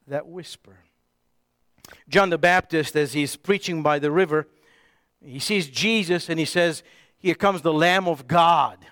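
High-voiced pastor preaching with passion. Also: male voice, clean tone, no room sound, clean studio sound. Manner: impassioned, drops to a hush for emphasis. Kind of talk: sermon.

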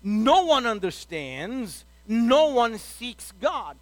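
High-voiced man preaching conversationally. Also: very animated, very slow, no room sound. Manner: conversational preaching, acting out everyday quotes. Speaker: pastor. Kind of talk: sermon.

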